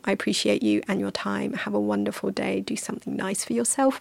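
A woman's voice: medium pitch, fairly even intonation, normal speed, creaky, no echo. A woman around forty, a podcast host and yoga teacher, signing off in a casual, rambling and affectionate way with lots of fillers.

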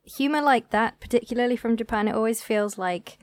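A woman co-hosting a podcast, speaking softly and reflectively in casual chat. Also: fairly high pitch, fairly quick, no echo. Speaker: podcast co-host.

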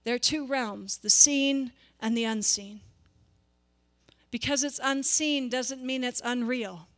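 A woman delivers a sermon to her church in a high, bright, ringing voice. She preaches with passion, circling back on words and pushing up to emphatic peaks before easing off again. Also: slow.

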